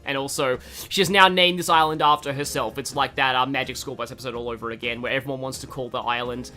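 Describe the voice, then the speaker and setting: Aussie streamer rambling through a let's play, bright voice, game music faint behind. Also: mid-range voice, fairly even intonation, quick pace. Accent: Australian. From Australia. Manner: rambling, with many fillers and restarts. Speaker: gaming streamer. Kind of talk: casual let's-play commentary.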